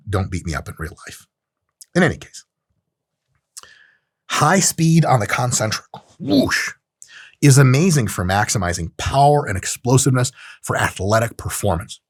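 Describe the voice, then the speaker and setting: A man's voice: mid-range voice, normal speed, breathy edge, no room sound, studio quality. A man giving a casual, profane, joking lecture on lifting technique, often acting out little scenes. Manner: profane, joking, animated, with acted-out asides. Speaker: strength training coach.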